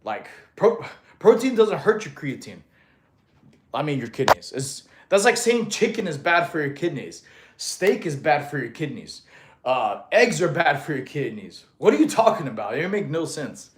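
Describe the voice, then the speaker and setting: Very animated and fairly high-pitched at a normal speed, a Russian man in his thirties hosts a live fitness stream. He chats casually about viewer comments, still slightly out of breath from his exercise.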